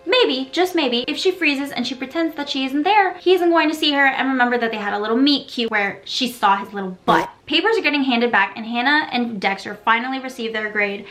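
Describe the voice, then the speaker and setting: A woman's voice: fairly high pitch, sharp tone. Sassy young woman recapping a show. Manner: playful and gossipy, sassy asides and acted quotes. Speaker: video creator recapping a TV episode. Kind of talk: casual recap commentary.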